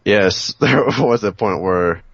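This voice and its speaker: A man's voice: on the low side, slow pace, vocal fry, no echo. A man co-hosting a podcast game review, talking in a laid-back, hesitant way. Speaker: podcast co-host. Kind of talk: casual game review chat. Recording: dry, dull lo-fi sound.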